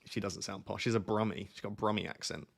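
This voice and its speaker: A man's voice: lowish voice, steady tone, fast talker, creaky, husky. A young man hosting a casual live stream, joking and reading out viewer comments. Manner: joking, reads chat aloud. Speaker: FPL streamer.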